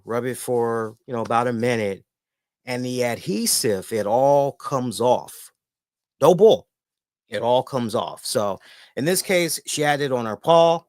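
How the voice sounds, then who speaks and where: A man hosting a wrestling review show, chatting casually and telling stories in an animated way with lots of filler words. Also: medium pitch, dry recording, studio quality. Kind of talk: casual chat.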